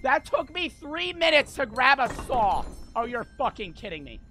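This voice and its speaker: A man giving frantic gameplay commentary, swearing, talking to himself and breaking into sudden loud outbursts. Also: very high-pitched, big pitch swings, unhurried, hardly any pauses, faint music behind. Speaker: gaming streamer.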